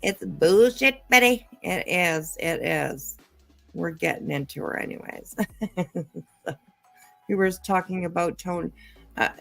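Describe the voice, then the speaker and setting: A woman's voice: lowish voice, lively intonation, slow pace, creaky, pauses often, a bit bright, no room sound, faint music behind. A woman giving casual live commentary, swearing freely, mocking, and often laughing. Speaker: commentary streamer.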